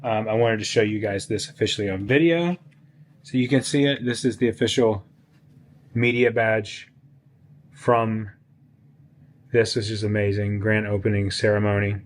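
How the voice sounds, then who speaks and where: A man narrating a walking vlog outdoors at a theme park event, excited and chatty, talking straight to his viewers. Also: on the low side, normal speed, long pauses. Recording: crowd noise behind.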